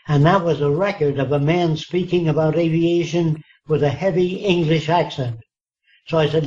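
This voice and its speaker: A man's voice: on the high side, moderate pace, a little mellow, muffled recording. A man in his nineties telling anecdotes in an interview, acting out quoted dialogue with emphatic asides. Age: 90s. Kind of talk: storytelling in a relaxed interview.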